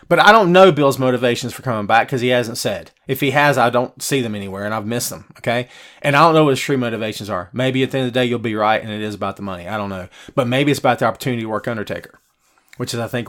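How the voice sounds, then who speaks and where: A man with a mid-range, slightly bright voice hosts a wrestling podcast livestream. Responding to viewers' comments, he goes on blunt, passionate rants in loose slang, repeating things frequently.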